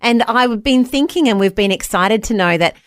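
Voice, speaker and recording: A woman's voice: fairly high pitch, lively intonation, no echo, studio quality. Bubbly Australian woman radio host. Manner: bubbly, quick to laugh and agree. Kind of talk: breakfast radio chat. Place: radio studio.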